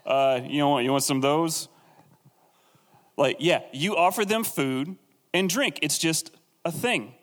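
A man's voice: fairly high pitch, unhurried, pauses often, fairly bright tone, in a large hall. A man teaching a casual, conversational sermon on the Bible, with jokey asides and acted-out quotes.

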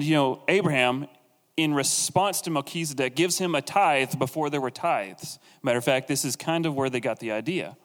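A man's voice: on the high side, fairly bright tone, in a large hall. A man teaching a casual, conversational sermon on the Bible, with jokey asides and acted-out quotes.

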